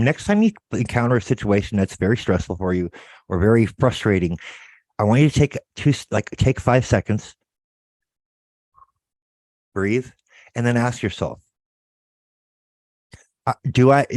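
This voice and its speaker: A male show host speaking earnestly and haltingly, often repeating words and addressing his audience as folks. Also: lowish voice, a little mellow, no echo. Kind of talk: motivational talk-show hosting.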